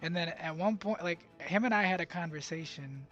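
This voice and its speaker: A young man tells a story from his job site in a loose, rambling way, full of fillers and false starts. His voice sits a little high for a man. Faint music plays underneath. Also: a little fast, fairly bright tone, lo-fi sound. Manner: rambling, lots of fillers and restarts; bilingual, speaks Spanish at work. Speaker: vlogger. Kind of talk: casual storytelling.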